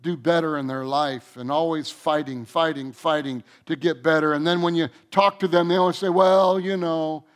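A man preaching a sermon to his church as its pastor, earnest, with restarts and soft, quiet endings to his phrases. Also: on the high side, brisk, hardly any pauses, smooth. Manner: earnest, with repeated restarts and soft drops in volume. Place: church sanctuary.

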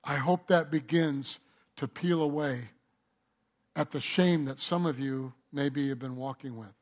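A man's voice: medium pitch, measured pace. A man preaching a sermon as pastor, talking conversationally and working a joke into his message.

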